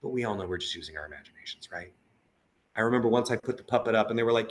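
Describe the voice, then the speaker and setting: A man with a fairly low voice speaks over a video call, earnest and conversational. He tells teaching stories with animation and now and then puts on voices for the people he quotes. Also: lively intonation, racing. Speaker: puppeteer and teaching artist. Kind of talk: casual conversation, storytelling.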